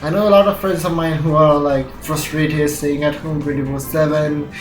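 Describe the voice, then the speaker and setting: A man's voice: fairly high pitch, steady tone, normal speed. Joking young Indian man, echoey room. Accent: Indian English with British-leaning vowels. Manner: laughs often, swears casually, jumpy joking asides. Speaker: gaming channel vlogger. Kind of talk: casual rambling vlog. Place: home room, recording near a window. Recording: echoey room with faint music.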